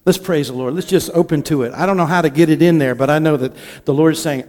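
A man preaching a sermon as pastor, impassioned, moving between hushed and loud delivery. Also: a little high, fast talker, hardly any pauses.

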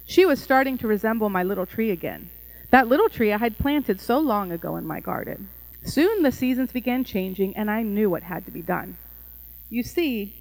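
A woman narrating a first-person allegorical story in a gentle, tender, measured way. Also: on the high side, rough recording.

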